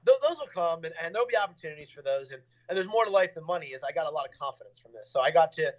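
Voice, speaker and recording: This is a young man talking at a rapid clip, his voice sitting a little high. He rambles with frequent fillers and restarts. The sound is dull and lo-fi, like call audio. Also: expressive. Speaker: fighter being interviewed. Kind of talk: casual interview talk.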